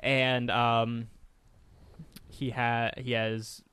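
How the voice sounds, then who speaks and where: A man's voice: mid-range voice, little pitch movement, drawn-out words, sharp tone, clean tone, no room sound. A man co-hosting a podcast, telling improv scenes in a teasing, playful way. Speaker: podcast co-host. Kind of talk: improv game storytelling.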